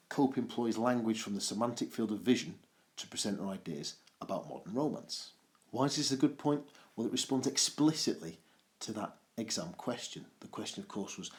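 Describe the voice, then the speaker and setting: Male teacher, lower pitch, adenoidal and playful, explains a poem to students. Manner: lively and playful, with jokey asides. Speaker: English teacher. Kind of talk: poetry analysis lesson.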